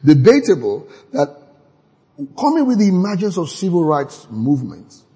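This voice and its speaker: A man preaching a sermon in an animated way, now and then shouting out quoted lines. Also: a little high, normal speed, husky. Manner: animated, acts out quoted voices with sudden shouts. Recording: long hall reverb.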